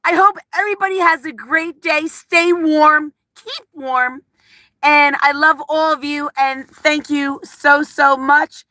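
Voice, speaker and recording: A woman hosting a casual livestream, rambling warmly and openly nervous as she reads viewer comments aloud. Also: sits high, steady tone, slow pace, no room sound. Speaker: livestream vlogger. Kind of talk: casual live-chat talk.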